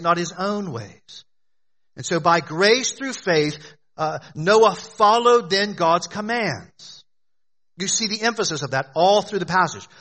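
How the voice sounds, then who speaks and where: A man's voice: sits high, sharp tone. A man preaching a sermon to a congregation, emphatic, often asking questions and answering them. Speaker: pastor.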